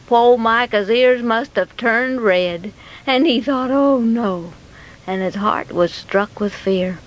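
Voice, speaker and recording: A woman telling a Bible story dramatically, with expressive, moralizing asides to her listeners. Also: fairly high pitch, slow pace.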